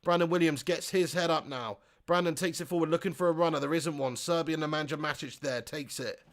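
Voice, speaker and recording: A man hosts a live football watch-along, reading chat comments aloud and shouting at the big chances. His voice is on the high side and a little fast.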